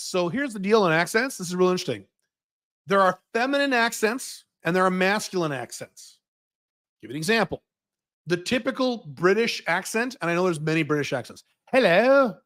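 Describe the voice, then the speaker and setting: An American man with a General American accent hosts a livestream Q&A from Dubai, where he lives, in a high, fairly bright voice with lively intonation and a fairly quick pace. In this monologue he answers viewer questions bluntly, with profanity and mocking impressions.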